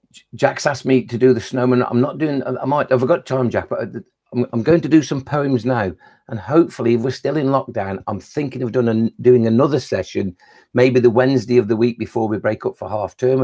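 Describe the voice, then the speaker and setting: A man's voice: mid-range voice, a little mellow. A man performing his poems for schoolchildren in a live online session, playful and chatty, with frequent restarts. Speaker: children's poet.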